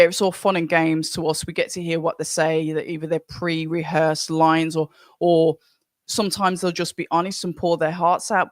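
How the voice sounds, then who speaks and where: A livestream watch-along host from Birmingham, England, speaks with a mid-range voice and a Birmingham accent, recorded at studio quality with no echo. He's chatty and rambling, doing casual live commentary, reading chat and greeting viewers by name.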